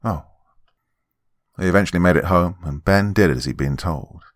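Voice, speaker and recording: A man narrating a horror story in a dramatic, expressive scripted read. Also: low voice, a little fast, no echo, clean studio sound.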